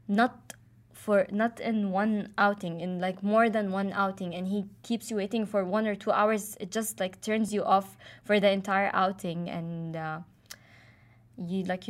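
Hesitant young woman, halting speech. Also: mid-range voice. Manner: hesitant, many fillers and restarts. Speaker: client describing relationship. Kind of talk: casual conversation.

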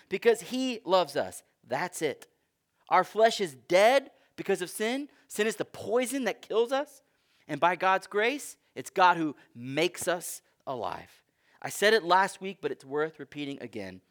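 A man's voice: high voice, fairly bright tone. A man preaching a sermon in a conversational, emphatic way. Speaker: pastor.

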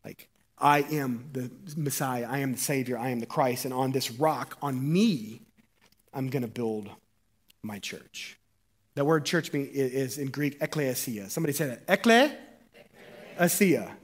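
A man preaching a sermon as pastor, animated and jokey, getting the congregation to repeat words after him. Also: medium pitch, normal speed.

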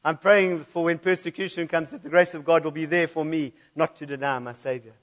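Male preacher, church sermon, animated, reads scripture, fairly high-pitched. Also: fairly quick. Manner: animated, laughing at his own slip-ups.

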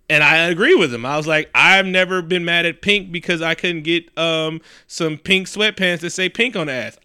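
A man co-hosting a casual podcast, telling stories in a profane, animated way and acting out the people he quotes. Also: sits high, moderate pace, hardly any pauses, clear, resonant tone, no room sound, studio quality. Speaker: podcast co-host. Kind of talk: casual chat.

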